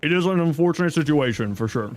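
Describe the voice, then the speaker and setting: A man livestreaming in casual chat, reading viewer messages aloud and thanking subscribers, thinking out loud. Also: lively intonation, fast talker, no room sound. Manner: squeaky high-pitched outbursts of surprise. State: chewing an apple.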